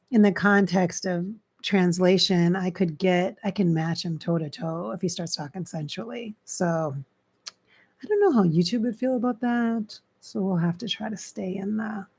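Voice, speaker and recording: A middle-aged woman, a psychic medium, channeling spirits on a livestream, speaking softly and often slipping into hushed whispers close to her mic. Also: medium pitch, slightly rough. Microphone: close desk mic.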